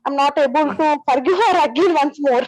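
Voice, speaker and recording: A high-voiced woman speaks in a dry, close sound over a video call. She talks haltingly and keeps pausing and starting her sentences over. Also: darkish tone, dry recording, low-quality recording. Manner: hesitant, full of pauses and restarts. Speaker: participant asking a question. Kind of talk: halting spoken question in online class.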